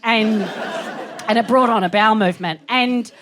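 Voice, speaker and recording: A woman in her thirties from Australia with an Australian accent, telling a stand-up story in an animated, self-deprecating way. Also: a little high, normal speed, a faint crowd. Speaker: stand-up comedian.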